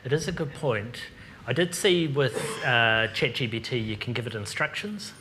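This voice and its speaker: A man's voice: medium pitch, animated, normal speed, pushed and bright, slight background noise. A man answering audience questions at a seminar in a casual, chatty way. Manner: casual, chatty, lots of ums. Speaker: seminar presenter. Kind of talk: live seminar Q&A.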